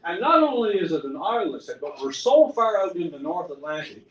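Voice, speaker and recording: A man's voice: sits high, very animated, brisk, dull audio. A man with a Newfoundland accent telling a rambling, self-mocking story at a pub event, full of restarts and dry humor. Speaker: singer-songwriter and storyteller. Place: pub room. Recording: echoey room, distant mic, faint noise.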